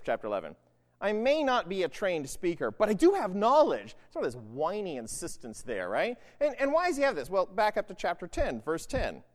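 A man preaching a sermon in a casual, conversational way, often checking in with "right?". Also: high-pitched. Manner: conversational, keeps asking "right?". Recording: long hall reverb.

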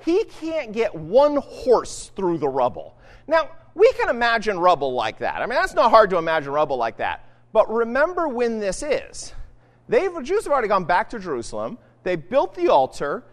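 A man's voice: high voice, wildly swooping pitch, normal speed, long reverb tail. A man preaching a sermon in a casual, conversational way, often checking in with "right?". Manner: conversational, keeps asking "right?". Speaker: pastor.

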